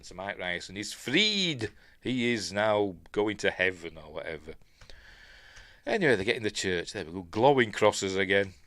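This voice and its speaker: A middle-aged film reviewer from Yorkshire, England, talks through a film scene by scene in a fairly low, slightly bright voice. He rambles casually with chuckles and lots of ums, and the studio-quality recording has no echo.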